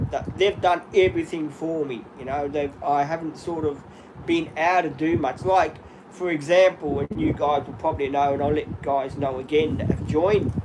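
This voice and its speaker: A man in his fifties chats on a live stream from his home, his voice sitting a little high for a man. He rambles openly and speaks straight to his viewers as "guys". Steady background noise, clicks and a passing vehicle sit under his voice. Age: 50s. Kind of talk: candid live-stream chat.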